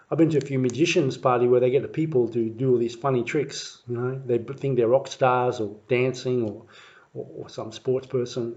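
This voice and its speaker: A man telling a family story in a rambling, halting way, full of fillers and restarts, livening up when he mimics the crowd. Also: mid-range voice. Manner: lively when acting out crowd voices. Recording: muffled lo-fi recording.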